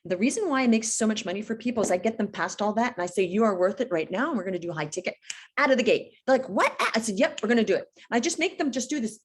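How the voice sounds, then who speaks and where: A woman's voice: fairly high pitch, lively intonation, racing, breathy edge. A middle-aged woman coaching in a casual interview, blunt and emphatic, acting out conversations as she tells stories. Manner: emphatic, blunt, acts out dialogue. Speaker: business coach guest. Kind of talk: casual podcast interview storytelling.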